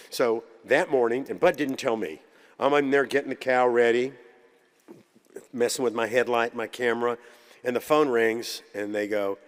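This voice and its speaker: A man giving a keynote in a conference hall, with a mid-range voice. He tells stories in a relaxed, humorous, anecdotal way. His voice trails off into a long hall reverb. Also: mid-range voice. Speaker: keynote speaker.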